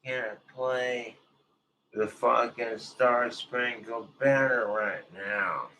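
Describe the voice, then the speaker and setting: A man ranting on a livestream while drinking, profane, tipsy and breaking into loud shouted outbursts. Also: medium pitch, steady tone, very slow, over a noisy crowd, very noisy. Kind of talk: drunken rambling livestream.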